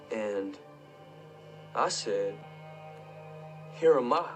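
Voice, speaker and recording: An actor in a film playing a solemn man quoting scripture to his men, grave and measured. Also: mid-range voice.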